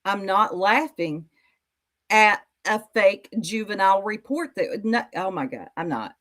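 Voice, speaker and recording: A woman's voice: mid-range voice, expressive, measured pace, a bit bright. A woman hosting reaction commentary, mocking a clip and talking straight to her viewers with sass. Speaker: YouTube commentary host.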